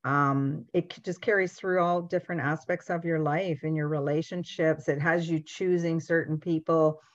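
A woman hosting a conversational interview, asking gentle questions and giving soft affirmations. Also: low-pitched, steady tone, normal speed. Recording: slightly dull lo-fi audio.

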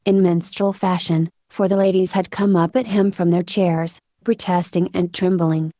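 A woman narrating a story aloud in a measured, expressive audiobook style. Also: fairly low pitch, dry recording.

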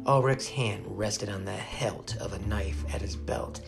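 A man reading a children's adventure chapter aloud, expressive and dramatic. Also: lowish voice, measured pace, creaky, hardly any pauses, faint music behind. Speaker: narrator. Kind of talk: storybook reading.

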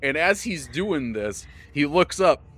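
A man's voice: a little high, lively intonation, slow pace, fairly bright tone. A man recapping a tabletop game session as its game master, in casual rambling talk full of fillers and self-corrections. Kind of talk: casual podcast storytelling.

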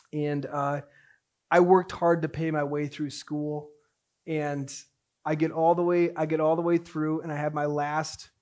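A man preaching a sermon as pastor, moving between hushed storytelling and raised, emphatic passages. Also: on the high side.

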